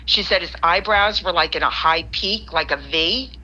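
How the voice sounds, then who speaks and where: A woman caller on a podcast, telling a story and quoting her friend in animated asides. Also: lowish voice, normal speed, dull audio. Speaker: guest caller.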